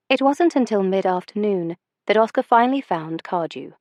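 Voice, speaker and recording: A woman reads a romance novel aloud with measured, expressive storytelling. Her voice sits at a middle pitch for a woman. The recording is very dry and close, with no room sound. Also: no room sound. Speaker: audiobook narrator. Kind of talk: scripted romance narration.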